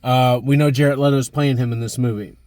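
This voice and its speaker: A man's voice: medium pitch, fairly even intonation, brisk, dark tone, no echo. Chatty man in his thirties reviewing movies. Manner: enthusiastic, chatty, many fillers. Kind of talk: casual chat.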